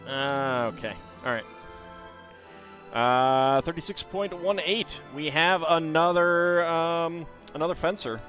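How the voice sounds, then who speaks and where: A man's voice: fairly high pitch, slow, fairly bright tone, soft background music. A man streaming live, thinking aloud in hesitant, rambling commentary.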